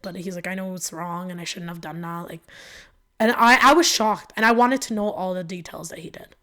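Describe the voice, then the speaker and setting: A young woman, a podcast guest, telling a personal story with lots of fillers and quoted back-and-forth, emotional and animated. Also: lowish voice, a little fast. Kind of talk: candid storytelling.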